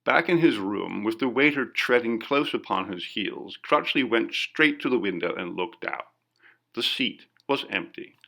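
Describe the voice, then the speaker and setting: A man reading a classic ghost story aloud in measured, dramatic narration. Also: lowish voice, animated, creaky, sharp tone. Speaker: audiobook narrator.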